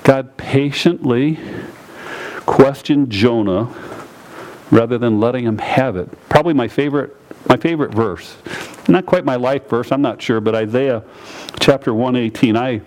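A male pastor preaching a sermon, emphatic, dropping low and slow and then rising high and loud. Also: poor audio.

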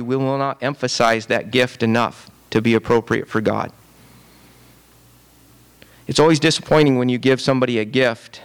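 A man's voice: mid-range voice, clear, resonant tone. A man preaching a sermon in a conversational, repetitive way, often checking in with "right?". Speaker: pastor.

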